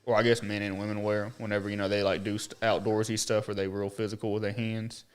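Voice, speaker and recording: A man co-hosting a casual podcast, telling a story with lively, animated delivery and high put-on voices for the people in it. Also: fast, clear, resonant tone. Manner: animated, jumps up in pitch when acting out other people. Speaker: podcast co-host.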